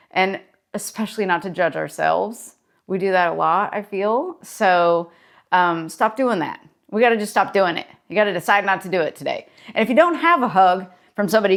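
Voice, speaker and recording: Woman, therapist, casual daily vlog, chatty, encouraging, mid-range pitch, personal mic. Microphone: wearing a personal mic.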